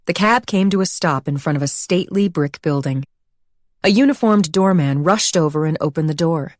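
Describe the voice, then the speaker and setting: A woman reading a thriller audiobook as narrator, in an even, measured storytelling manner. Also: low-pitched, no room sound, clean studio sound. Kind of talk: scripted narration.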